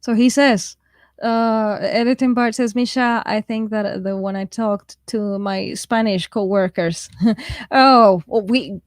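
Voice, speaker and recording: A woman's voice: mid-range voice, steady tone, takes it slowly, no room sound. A woman with a mixed, shifting accent, hosting a live writing stream in a casual, self-deprecating way, reading viewer comments aloud and laughing often. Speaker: livestream host of a writing write-in.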